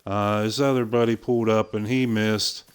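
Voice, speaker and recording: Low-voiced older man telling a story. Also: normal speed, clean tone. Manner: animated anecdote-telling with impressions and swearing. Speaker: gaming streamer. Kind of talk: casual storytelling while playing.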